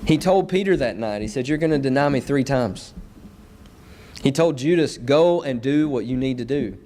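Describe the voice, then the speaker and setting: A man's voice: medium pitch, expressive, moderate pace, warm tone. Earnest young man preaching a sermon. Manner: earnest, repetitive emphatic phrasing. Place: church.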